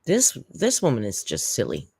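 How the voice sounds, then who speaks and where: A live-stream reaction host talks to chat in a chatty, sarcastic way, mid-pitched and recorded dry with no room sound. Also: huge pitch swings, normal speed, creaky, a little mellow, slightly rough, dry recording.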